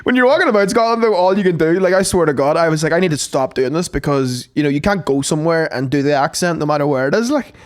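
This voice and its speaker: A man's voice: fairly high pitch, fast, hardly any pauses. A Northern Irish man, a comedian co-hosting a podcast, telling rambling stories in casual chat and swearing freely. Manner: rambling anecdotes, heavy swearing.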